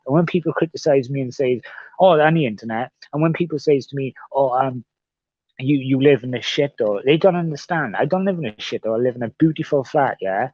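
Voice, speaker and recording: A man's voice: medium pitch, a little mellow, no room sound. A man livestreaming in casual chat, rambling and swearing often as he repeats himself. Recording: dull, dry sound.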